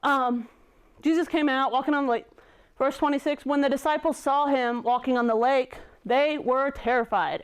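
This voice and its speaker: Brief: young woman youth leader, chatty sermon, smooth clear voice sitting a bit high. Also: moderate pace. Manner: chatty, conversational, many "like" fillers. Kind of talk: casual youth sermon with scripture reading.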